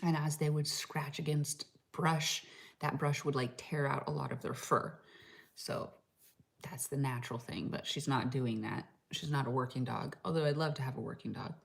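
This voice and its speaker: Casting note: woman vlogger, low gravelly voice, chatty, lots of "like", slips into whispers. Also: steady tone, moderate pace. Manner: chatty, frequent "like" fillers, drops into whispers. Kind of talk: casual vlog chat. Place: home in Slovenia.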